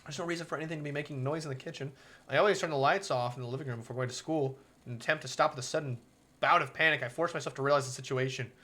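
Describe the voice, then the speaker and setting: A man's voice: fairly high pitch, very fast, pushed and bright. A male streamer reading a visual novel aloud, mixing narration with playful, profane jokey asides.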